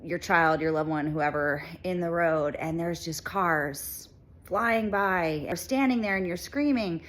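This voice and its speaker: Middle-aged woman, lower register, earnest reflective delivery with frequent pauses; heartfelt personal talk to camera. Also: fairly bright tone. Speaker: channel host.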